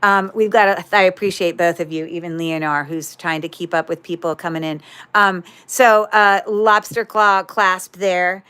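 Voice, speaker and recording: A woman's voice: fairly low pitch, steady tone, normal speed, sharp tone, smooth. Chatty woman hosting a jewelry livestream. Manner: chatty, rambling, self-interrupting, tells corny puns. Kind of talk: casual livestream chat.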